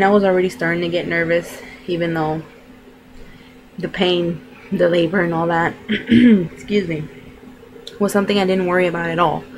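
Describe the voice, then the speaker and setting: Chatty young woman, low voice. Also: a little hiss or hum, poor audio. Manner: chatty, rambling, full of fillers. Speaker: vlogger. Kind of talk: casual chat.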